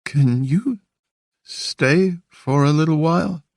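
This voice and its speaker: A man's voice: a little high, slow pace, a little mellow, no room sound, clean studio sound, pitched above the performer's own voice. A man voicing a grieving, anxious young man who speaks in a pleading, hesitant way.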